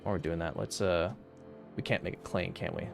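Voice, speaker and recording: With music playing behind him, a young streamer talks through a strategy game in a low, gravelly, steady voice at a fairly quick clip. He mutters calculations and reasons out moves casually, now and then bursting into an exasperated rant.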